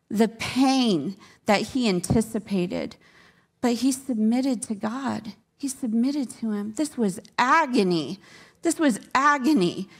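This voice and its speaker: A woman teaching a women's Bible study, earnest and devotional, repeating key phrases for emphasis. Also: a little high.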